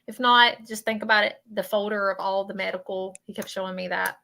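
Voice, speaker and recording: A woman with a Southern accent, a spiritual medium hosting a livestream, soft-spoken and apologetic, talking over a video call. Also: medium pitch, steady tone, brisk, gravelly. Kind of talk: livestreamed reading and chat.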